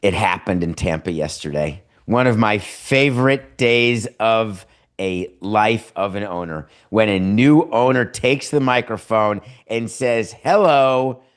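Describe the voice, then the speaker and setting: A man's voice: fairly low pitch, unhurried, smooth. A man hosting a sports talk show from his home studio, sarcastic and mocking as he riffs on team owners. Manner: sardonic, mocking impressions of owners. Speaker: podcast host.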